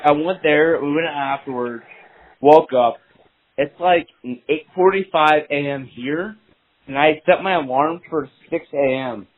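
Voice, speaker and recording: Excitable swearing man on a tinny call. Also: a little high. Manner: excitable storyteller, swears a lot, acts out quotes. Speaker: podcast co-host. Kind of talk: casual chat about fantasy football. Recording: dry, tinny phone-line sound.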